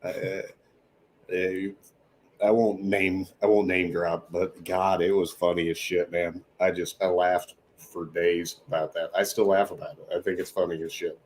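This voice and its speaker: A very low-voiced man from Nebraska, a Marine veteran guest who drawls through boot camp stories and swears freely. He talks loose and easy and keeps breaking into laughter. A faint hiss of noise sits under his voice. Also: level tone, unhurried, a little mellow. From Nebraska, United States. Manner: laid-back, profane, laughing storyteller. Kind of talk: casual podcast chat.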